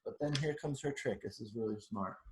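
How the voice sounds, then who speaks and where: A man reading a picture book aloud to children, pausing for chatty asides. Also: mid-range voice, echoey room, noisy background. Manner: chatty, adds asides to the kids.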